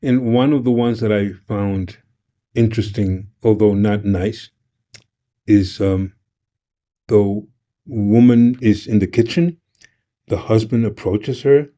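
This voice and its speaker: A man co-hosting a casual film chat, telling a joke in a measured way. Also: fairly low pitch, dark tone. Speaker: podcast co-host.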